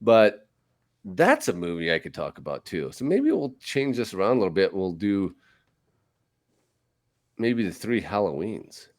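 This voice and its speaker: A man with a fairly low voice hosts a casual podcast chat. He rambles along, restarting sentences and dropping in fillers. His delivery stays loose and conversational. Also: big pitch swings, unhurried, long pauses. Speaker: podcast host. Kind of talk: casual chat about movies.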